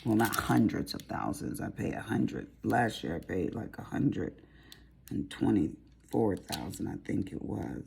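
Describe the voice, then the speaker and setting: Chatty, folksy Southern woman with a gravelly, low, dark voice. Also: expressive, measured pace, slight background noise. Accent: Southern American. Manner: chatty, rambling, folksy asides. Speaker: crafting vlogger. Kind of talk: casual chat while diamond painting.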